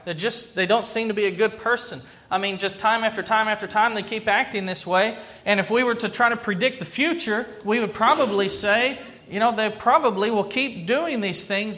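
A man's voice: sits high, sharp tone. A middle-aged man preaching a sermon, earnest and emphatic, driving points home by repetition. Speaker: pastor.

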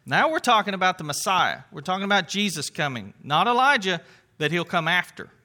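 A man giving a conversational Bible teaching, earnest and emphatic, often pausing on fillers and restarting phrases. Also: high voice, big pitch swings, sharp tone.

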